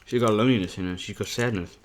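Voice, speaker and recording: A young man talks to the camera between bites in a mukbang vlog, rambling candidly and saying "man" a lot. His voice is on the low side and he speaks quickly.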